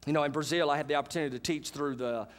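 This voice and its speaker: A man, preaching a sermon in a church with animated, folksy asides to his congregation. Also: a little high, very fast. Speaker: pastor. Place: church sanctuary.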